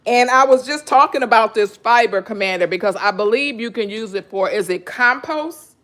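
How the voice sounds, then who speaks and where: A woman's voice: on the high side, moderate pace, a bit bright. A woman chatting casually with viewers on a live stream while she cuts fruit and juices in her kitchen, greeting people by name and laughing often. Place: home kitchen.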